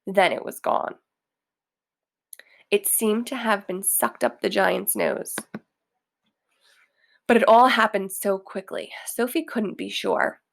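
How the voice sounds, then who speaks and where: Woman reading a kids book out loud, real slow, bit of fry. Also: mid-range voice. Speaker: reader. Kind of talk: reading a children's book aloud.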